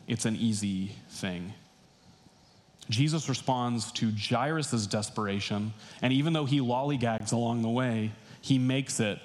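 Young guy pastor preaching, chatty and loose, middle-pitched voice. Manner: conversational, with asides and laughs. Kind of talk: sermon.

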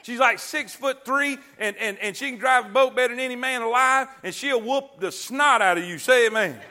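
High, bright-voiced preacher. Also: male voice, moderate pace, some chatter behind. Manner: folksy, call-and-response preaching, loud bursts when quoting God. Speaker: pastor. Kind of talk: sermon. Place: church sanctuary.

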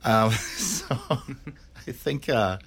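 A man's voice: lowish voice, drawn-out words, a crowd in the background. A man hosting a live radio interview, rambling with many fillers and laughing often.

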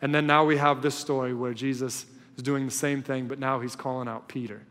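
A male pastor preaching a sermon in a storytelling way, swinging between loud and hushed. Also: mid-range voice, flat delivery, brisk, long reverb tail.

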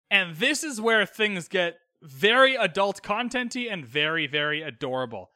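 Bright, high-voiced young man podcasting. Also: no room sound, studio quality. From Canada. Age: young adult. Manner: chatty and cheeky, quick quoted asides. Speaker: podcast host. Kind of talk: casual solo recap podcast.

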